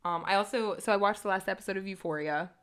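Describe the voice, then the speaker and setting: A woman co-hosting a podcast, chatting casually and telling stories in an animated way with lots of fillers. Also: mid-range voice, clear, resonant tone. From Italian-American. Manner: animated, quick storytelling with many fillers. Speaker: podcast co-host. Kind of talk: casual chat.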